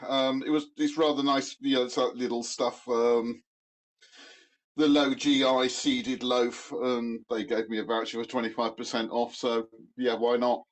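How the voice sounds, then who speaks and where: An older man talking as a guest, with dry, wry humour and a relaxed, chatty manner. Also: mid-range voice, a little slow. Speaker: guest on call.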